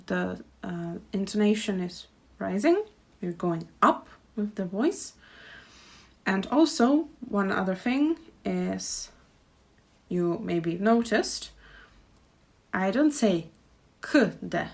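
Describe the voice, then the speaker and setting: A woman with a Czech accent teaching pronunciation, speaking slowly and repeating each example phrase with care. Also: mid-range voice, vocal fry. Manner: slow, careful demonstrations with repeated example phrases. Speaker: language teacher. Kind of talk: pronunciation lesson. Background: birdsong and traffic outside.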